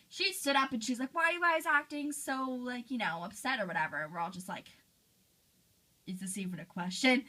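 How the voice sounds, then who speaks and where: A woman's voice: a little high, sharp tone, full character voice. A woman voicing a teenage girl in a fan role-play interview, retelling a frightening night with lots of "like". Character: teen girl friend, shaken storyteller.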